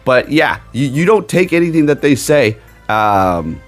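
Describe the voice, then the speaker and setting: With big swings in his medium-pitched male voice, the gaming YouTuber speaks a little slowly over soft background music. His casual rant rambles emphatically, veering into sarcastic asides and ending lines with "okay?".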